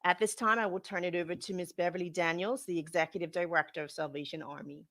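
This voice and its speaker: A woman's voice: fairly low pitch, fairly even intonation, fast, fairly bright tone. A woman with a Bermudian accent, a government minister, reading a formal press statement.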